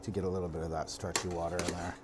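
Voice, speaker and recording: A man's voice: sits low, level tone, very fast. Playful, jokey man cooking on camera. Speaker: host and cook. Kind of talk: casual cooking show talk. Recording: audible background noise.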